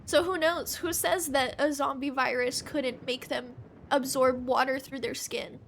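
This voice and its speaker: Giggly lady streamer rambling to chat, high voice, bit of faint hiss behind. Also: fairly even intonation, measured pace, a bit bright. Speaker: game streamer. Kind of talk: casual live-stream chat.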